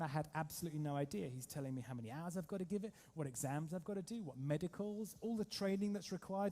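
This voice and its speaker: A man giving a lively motivational seminar talk as a trading coach, telling stories and quizzing his audience. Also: on the high side. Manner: energetic, storytelling, keeps polling the audience.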